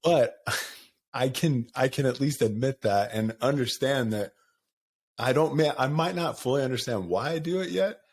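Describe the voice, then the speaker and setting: A middle-aged man hosts a casual podcast chat, speaking candidly and loosely. He rambles between thoughts and laughs easily. His voice sits at an ordinary male pitch. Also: normal speed, a little mellow, slightly rough. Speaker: podcast host. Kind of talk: casual conversation.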